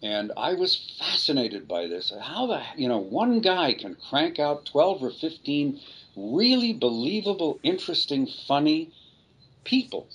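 A man's voice: fairly high pitch, big pitch swings, a little slow, a bit bright, husky. An older man, a voice actor, speaking as an interview guest and reflecting on his career in a rambling, self-deprecating way. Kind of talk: casual interview storytelling.

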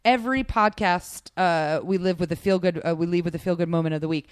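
A woman's voice: lowish voice, fast talker, smooth, dry recording. Chatty woman podcast host, dry sound. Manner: chatty, gushing, many fillers. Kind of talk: casual sports chat.

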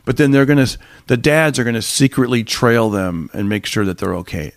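A man's voice: mid-range voice, a little fast, no room sound, clean studio sound. A man in casual conversation, animatedly retelling a TV episode and laughing often. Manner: animated storyteller, acts out characters in raised voices, laughs often.

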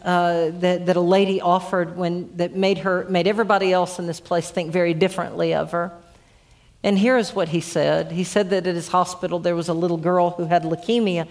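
A woman's voice: fairly low pitch, darkish tone. A woman preaching a sermon, telling a story with repeated starting words and rising to emphatic peaks.

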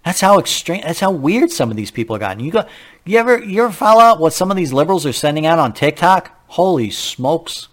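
Animated talk radio host, man. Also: a little high, fast. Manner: animated, incredulous, rhetorical questions. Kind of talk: political talk radio monologue.

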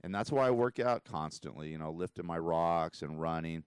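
A man's voice: sits low, normal speed, clean tone, no echo. A man hosting a talk radio show, rambling and emotional in a casual monologue, often laughing, from a studio mic.

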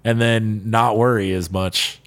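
A man's voice: on the low side, fairly even intonation, a little slow. A young man co-hosting a podcast, chatting casually and laughing along. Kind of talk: casual chat.

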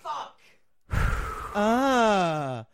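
A man co-hosting a podcast, calling a wrestling match with swings from low mutters to loud excited shouts. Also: extremely slow, smooth, no echo. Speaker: podcast co-host.

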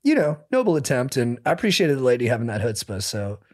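A man hosting a podcast, telling stories in an animated, casual way and saying "dude" a lot. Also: medium pitch, fast talker. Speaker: podcast host.

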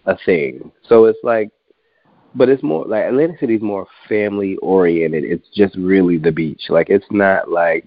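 A man's voice: sits low, no room sound. A man in casual chat who tells stories with energy, acts out what other people said, and swears freely. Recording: dry, thin phone-like sound.

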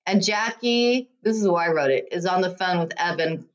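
A woman's voice: on the low side, moderate pace, highs cut off. A woman co-hosting a casual podcast, chatting enthusiastically as she recaps a show. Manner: chatty, enthusiastic, animated retelling. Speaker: podcast co-host. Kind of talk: casual chat recapping reality TV.

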